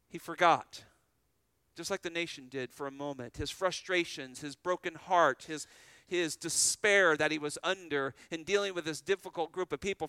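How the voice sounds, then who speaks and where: A man's voice: on the high side, normal speed, sharp tone, clean tone, no room sound. A man preaching a sermon as pastor, earnest and full of rhetorical questions.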